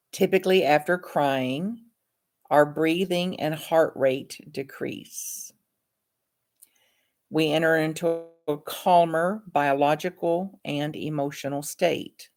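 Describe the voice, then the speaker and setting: A woman, an author and counselor, reading aloud from her own book in a calm, measured, earnest way. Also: low voice.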